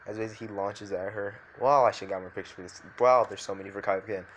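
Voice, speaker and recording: Low-voiced man rambling through a story. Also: steady tone, quick pace, a little hiss or hum. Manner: rambling, filler-heavy, frequent restarts. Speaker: fan fiction storyteller. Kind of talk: improvised story narration.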